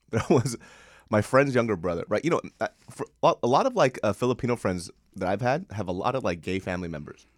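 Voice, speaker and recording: A man's voice: on the low side, fast talker, dry recording. Podcast guy telling a funny story, laughs a lot, voice all over the place, dry mic. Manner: animated storyteller, laughs often. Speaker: podcast co-host. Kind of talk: casual chat, storytelling.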